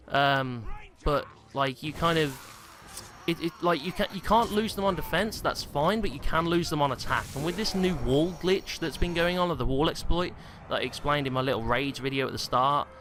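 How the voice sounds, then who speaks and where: A young man talks through his game in a slightly high voice, rambling loosely and leaning on plenty of ums and likes. He sounds out of breath the whole way through, recording in a small stuffy room at home. A faint hiss sits underneath. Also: normal speed, fairly bright tone. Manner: rambling, heavy on fillers like um and like. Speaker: gaming YouTuber. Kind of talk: casual gameplay commentary.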